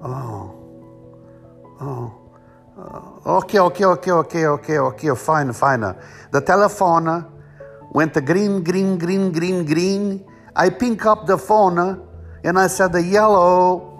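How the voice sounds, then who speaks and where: A man voicing a panicky man, who pleads in a high, stammering voice. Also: a little slow, faint music behind. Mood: frantic pleading. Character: excitable Italian man pleading at a border.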